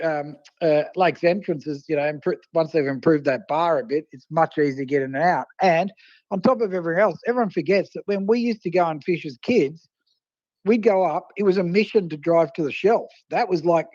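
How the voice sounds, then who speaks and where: An Australian man with a notably high voice tells fishing stories over the phone, slipping into the voices of the people he quotes. The line is muffled and a little dull, with no room sound around it. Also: dry recording. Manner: animated anecdotes, acting out quoted voices. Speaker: guest fishing writer and photographer. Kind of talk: casual storytelling over the phone.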